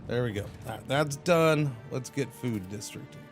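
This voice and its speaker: A man's voice: medium pitch, animated, normal speed, music in the background. A man streaming a game, chatting casually and rambling with playful exclamations. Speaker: livestreamer. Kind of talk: casual gaming commentary.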